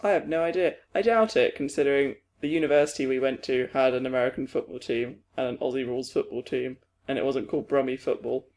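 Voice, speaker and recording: A young British man co-hosting a podcast in casual chat, lively and laughing often. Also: fast talker, few pauses. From Britain. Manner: lively, laughing, mimics others in high voices. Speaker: podcast co-host.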